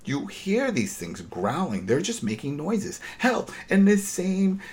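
A man hosting a casual episode recap, ranting in an animated, exasperated way, swearing and acting out bits of the scenes. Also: high-pitched. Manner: acts out character lines in quick impressions.

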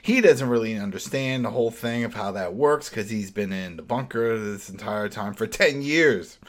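A man co-hosting a casual recap chat, animatedly acting out scenes in quick mimicked voices. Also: lowish voice. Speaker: podcast co-host.

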